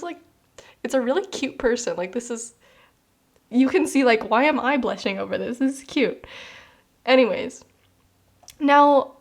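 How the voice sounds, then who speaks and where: A young woman doing a casual pick-a-card tarot reading, chatty and animated, with many fillers and easy laughs. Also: fairly high pitch. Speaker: tarot reader.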